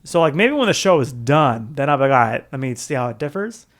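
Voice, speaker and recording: A man co-hosting a podcast, rambling in relaxed, casual chat. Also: mid-range voice, fast talker. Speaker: podcast co-host.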